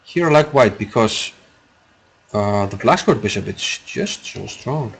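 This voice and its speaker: A man's voice: on the low side, animated, a little slow, breathy edge. A man from Iceland, giving rambling, chatty live commentary on a chess game and answering viewers' chat.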